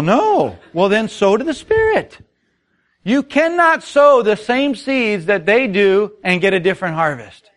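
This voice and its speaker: A man's voice: high-pitched, very animated, unhurried, a bit bright. Preaching man with rhetorical questions. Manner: storytelling, rhetorical questions to the congregation. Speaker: pastor. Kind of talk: sermon.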